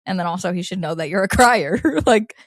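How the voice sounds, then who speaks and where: A lively woman chatting on an advice podcast, her voice sitting a little low. She laughs easily and reads listener letters out. The sound is close and dry. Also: quick pace, no room sound. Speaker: podcast co-host. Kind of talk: casual advice chat.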